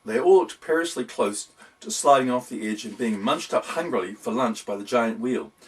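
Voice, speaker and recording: A man's voice: medium pitch, lively intonation, moderate pace. A man narrating a whimsical storybook in a wry, playful tone. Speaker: audiobook reader. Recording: voice distant from the mic.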